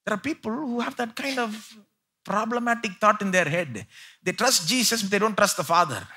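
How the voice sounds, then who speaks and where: A man with an Indian English accent preaching a live sermon in church, moving between loud emphatic peaks and quiet low asides. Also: expressive, moderate pace, slightly rough. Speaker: pastor.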